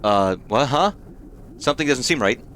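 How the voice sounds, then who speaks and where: Brief: male gaming streamer, mid-pitched, mutters and curses under his breath while he plays, jumpy reactions. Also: animated, normal speed, a bit bright, a little hiss or hum. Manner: muttering, swearing, startled reactions. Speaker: host of a gaming channel. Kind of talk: let's play commentary.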